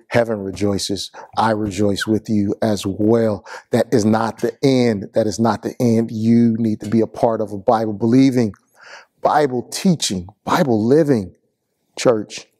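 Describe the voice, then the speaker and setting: A man preaching as pastor, giving announcements and a closing benediction, earnest and repetitive, going slightly hoarse. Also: on the low side, dark tone, no room sound, studio quality. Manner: earnest, repeats words, rising to a fervent benediction. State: losing his voice.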